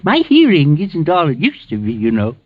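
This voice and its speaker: A man in 1940s radio acting, playing an eccentric male coin collector in his seventies, fussy and rambling, with a breathy wavering voice, on a dull old radio broadcast. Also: on the high side, huge pitch swings, normal speed, no room sound. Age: 70s. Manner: fussy, rambling, self-interrupting.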